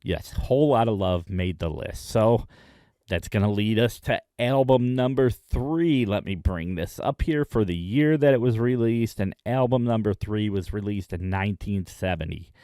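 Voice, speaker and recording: Man, host, casual rundown, enthusiastic, chatty, filler pauses, lowish voice, dry sound. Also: mellow, no echo. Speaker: music video host.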